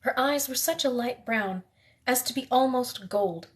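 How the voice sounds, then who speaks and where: A woman reading a novel aloud in the first person, steady, with the odd slip she corrects. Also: fairly high pitch, measured pace. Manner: steady reading with occasional slips and self-corrections. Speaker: reader.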